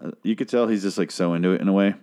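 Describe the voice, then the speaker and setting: With a low, smooth, mellow voice, a man races through his podcast review of a TV series. He's casual and rambling, and he curses a lot and fills gaps with filler words.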